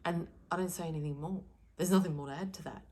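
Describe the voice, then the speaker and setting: Low-voiced woman giving earnest spiritual advice. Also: fairly even intonation, fast talker, a little mellow. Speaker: spiritual card reader. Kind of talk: direct-to-camera spiritual message.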